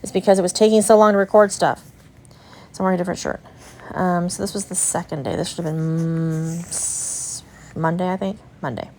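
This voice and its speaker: A young adult woman vlogger with a slightly low voice, chatting casually as she walks and shows things off. She gushes to her viewers, friendly and talkative. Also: steady tone, a little fast, a little mellow, slight background noise. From United States. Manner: chatty and gushing, talks to viewers. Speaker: vlogger and resale booth owner. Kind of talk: casual vlog chat while walking a shop.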